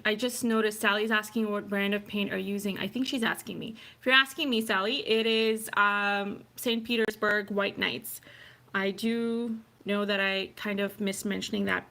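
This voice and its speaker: A woman's voice: mid-range voice, pushed and bright. A woman hosting a live watercolour painting stream from home, chatting casually and answering viewer comments with plenty of fillers. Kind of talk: casual livestream chat.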